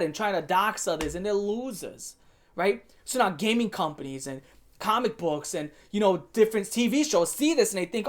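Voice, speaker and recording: A woman's voice: mid-range voice, lively intonation, fairly quick. A woman hosting her own channel, delivering an emphatic, sarcastic opinion rant and mocking the people she talks about. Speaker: channel host.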